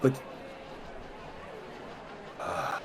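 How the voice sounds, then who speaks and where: A man playing a tabletop game, talking in character in a boisterous way that jumps into a high, excited voice. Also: drawn-out words, heavy background noise. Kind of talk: in-character role-play.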